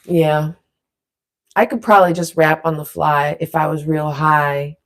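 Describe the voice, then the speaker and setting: A woman leading a silly vocal warm-up in a playful, rambling way, drifting into loose improvised rapping. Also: deep voice, steady tone, measured pace. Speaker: vlogger leading a vocal exercise. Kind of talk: playful casual instruction.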